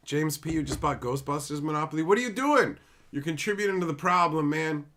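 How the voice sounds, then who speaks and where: A man's voice: a little high, brisk, a bit bright. Profane rambling man hosting a livestream. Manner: reads and answers chat viewers. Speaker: livestream host. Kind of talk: casual livestream chat.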